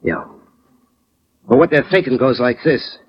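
A man's voice: mid-range voice, a little slow, slight background noise, close to an everyday voice. A man playing a restless streetwise worker. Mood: earnest. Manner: streetwise, defensive, slangy. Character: Joe Vanelli, frustrated working man, restless. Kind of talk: 1940s radio acting. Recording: dull old radio recording.

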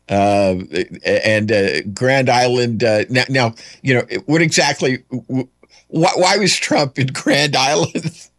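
A man's voice: medium pitch, a bit bright, no echo. Rambling man hosting political commentary. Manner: rambling, many fillers and restarts, dry wry asides. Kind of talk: casual political commentary monologue.

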